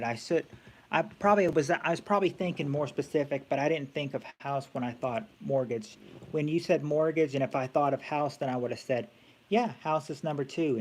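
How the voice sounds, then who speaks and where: A man's voice: medium pitch, brisk, a little hiss or hum. A man hosting a casual live-stream quiz game, thinking aloud with many fillers and restarts.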